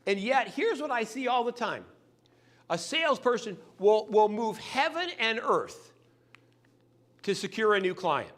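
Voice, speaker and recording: A man giving a sales training talk, animated and acting out customers' lines in quick voices. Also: high voice.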